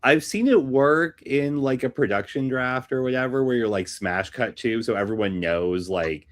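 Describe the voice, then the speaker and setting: A man's voice: medium pitch, normal speed. A man hosting a script workshop, reading scripts aloud and making dry, wry asides.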